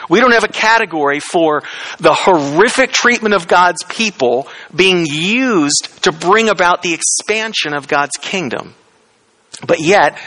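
Male pastor, sermon, bright fairly high voice, asks the congregation questions, slows down for emphasis. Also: poor audio. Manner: expository, explains Greek words, asks the congregation questions.

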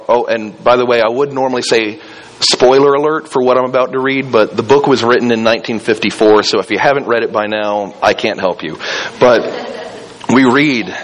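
A man's voice: mid-range voice, fairly bright tone, low-quality recording. A pastor giving an earnest sermon, often repeating words as he finds his phrasing.

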